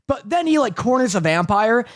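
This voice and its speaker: A man's voice: extremely high pitch, sing-song, normal speed. A man co-hosting a podcast in casual chat, opinionated and ranting, swearing freely. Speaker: podcast co-host.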